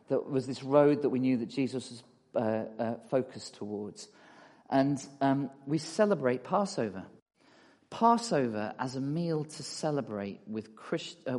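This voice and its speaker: A middle-aged man giving a relaxed, chatty talk in a church hall, full of fillers and asides to the audience. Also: mid-range voice. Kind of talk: conversational sermon with slides. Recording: long hall reverb.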